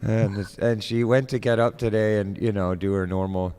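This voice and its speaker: A man's voice: lowish voice, steady tone, normal speed, darkish tone, clean tone. A man from Canada, a guest on a live stream, telling a story in casual chat with many fillers and restarts.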